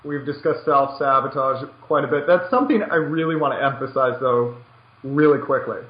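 A man who hosts a poker podcast and coaches players. He talks in an animated, emphatic way, repeats words when he gets going and acts out little bits of dialogue. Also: mid-range voice, moderate pace, echoey room, lo-fi sound.

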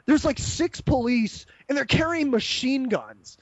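A man's voice: extremely high pitch, expressive, measured pace, highs cut off, a little hiss or hum. A man telling a long casual story, rambling and profane, tagging lines with "right?" and acting out other people's voices.

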